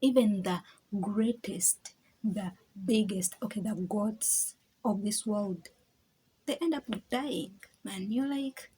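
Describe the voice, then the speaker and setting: Breathy woman musing aloud. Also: medium pitch, slow pace, dark tone, low-quality recording. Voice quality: very breathy, husky. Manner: rambling, laughs often, stammers and repeats words; drops into whispers. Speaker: vlogger. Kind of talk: casual reflective monologue.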